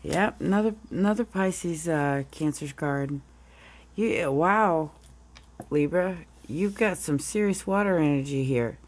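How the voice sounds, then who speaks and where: Slow-talking woman with a groggy morning voice. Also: deep voice. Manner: meandering, talks through the cards as she goes. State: under the weather, groggy morning voice. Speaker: tarot reader. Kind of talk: casual tarot reading.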